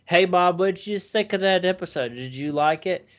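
A man's voice: normal speed, highs cut off, close to an everyday voice. A man voicing his dog as a dim-witted, obnoxious male pet who whines and complains about everything. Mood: nagging. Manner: loud, high-pitched, obnoxious yelling.

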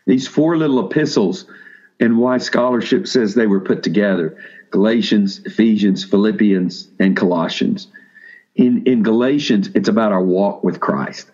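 Speaking to seminary students, a pastor with a fairly low, slightly mellow and somewhat rough voice preaches conversationally. He restarts often and asks the audience questions, and the sound is lo-fi.

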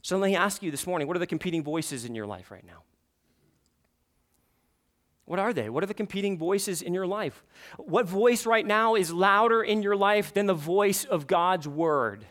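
A man's voice: high-pitched, expressive, normal speed, a bit bright. A male pastor preaching a sermon in a church, earnest and repeating his questions for emphasis.

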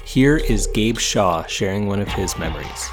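A man's voice: fairly low pitch, animated, normal speed. A male podcast host reading the episode credits and show announcements in a scripted way. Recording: clear music bed under the voice.

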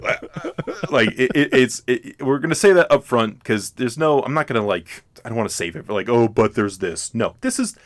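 Brief: male podcast host, lively pitch swings, rambling casual chat. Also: moderate pace. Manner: rambling, lots of restarts and fillers, laughs often.

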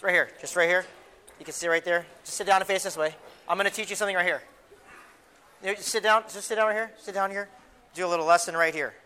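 A man's voice: sits high, fairly even intonation, fast talker, sharp tone, clean tone. A pastor giving a casual children's lesson in a church service, often restarting and repeating his words as he talks to the kids. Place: church sanctuary.

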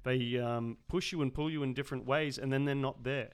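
Man with a smooth, reflective voice. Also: mid-range voice, steady tone, a little fast. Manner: reflective, hesitant with fillers. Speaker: podcast co-host. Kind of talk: casual chat.

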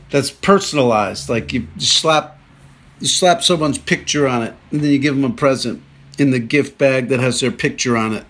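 A man's voice: a little high, fairly bright tone. A man hosting a podcast, rambling through jokey rants in a casual comedic monologue. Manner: rambling, jokey ranting asides. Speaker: podcast host.

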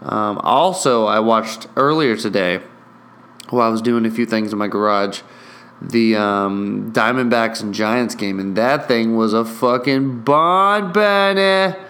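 A young man hosting a casual solo podcast, excitable and profane, rambling through mock play-by-play into a studio mic with a pop filter. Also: lowish voice, a little slow. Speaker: podcast host.

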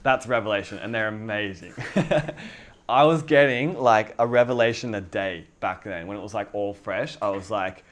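Young male preacher, lower pitch, chatty and laid-back delivery. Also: normal speed. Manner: conversational, lots of filler likes, laughs easily. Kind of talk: casual sermon.

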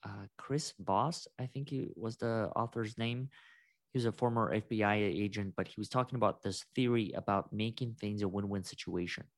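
A man with a low-pitched voice talks over a podcast conversation, reflective and thinking aloud as he goes. The sound is dry and close, with no room echo. His delivery is unhurried and measured. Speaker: podcast co-host.

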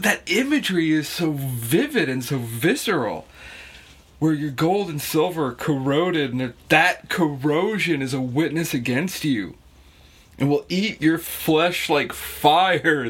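A man with a husky voice reflecting on scripture in a casual chat. He builds emphasis as he explains the passage. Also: mid-range voice, a bit bright. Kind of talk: casual Bible study chat.

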